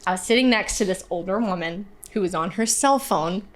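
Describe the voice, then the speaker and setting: Young woman, actress guest, animated storytelling, self-mocking, hushed punchlines. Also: medium pitch, brisk. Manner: lively, self-deprecating, drops to a hushed voice for punchlines. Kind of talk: animated storytelling in casual chat.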